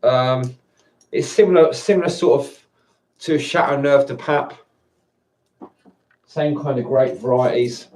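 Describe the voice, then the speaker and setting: A man's voice: mid-range voice, a little slow, long pauses, a little mellow. Rambling man, distant from the mic. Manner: rambling, hesitant, chuckling often. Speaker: vlogger. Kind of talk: casual solo live-stream chat. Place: indoors at home.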